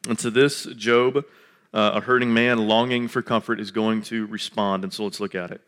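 A man in his late thirties, a pastor, preaching a relaxed, conversational sermon full of jokes and filler words. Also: lowish voice, normal speed. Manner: chatty and joking, lots of filler words.

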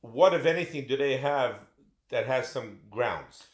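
A man's voice: medium pitch, lively intonation, measured pace, echoey room. A man co-hosting a podcast who prompts the talk with short questions and interjections. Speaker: podcast co-host. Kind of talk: casual political chat.

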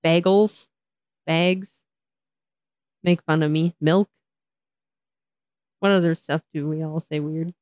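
Casting: young American woman, co-host, giggly and playful, slightly low voice, dry close sound. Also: steady tone, unhurried, pauses often, darkish tone, no room sound. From United States. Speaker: podcast co-host. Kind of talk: casual chat.

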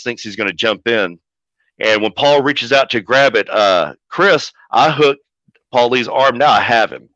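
Cussing wrestling manager guy spinning a story, sharp bright voice, dull lo-fi audio. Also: mid-range voice, no echo. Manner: profane, animated storyteller. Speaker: wrestling manager, podcast guest. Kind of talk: casual storytelling.

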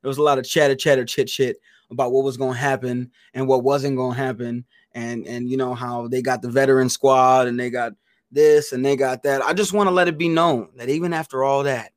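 Profane, animated storytelling man. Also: mid-range voice, fairly quick, no echo, clean studio sound. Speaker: podcast co-host. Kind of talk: casual chat.

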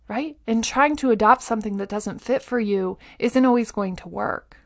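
A woman's voice: fairly high pitch, moderate pace, no room sound, studio quality. A woman hosting a motivational talk, conversational and encouraging, who keeps checking in with her listener. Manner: earnest and encouraging. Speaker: motivational podcast host.

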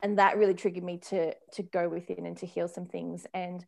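A woman in her thirties talks as a parenting consultant on a podcast. Her delivery is casual and animated, broken up by easy laughter and restarts. She often acts out small quoted voices to make her point. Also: lowish voice, brisk, creaky. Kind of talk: casual conversational chat.

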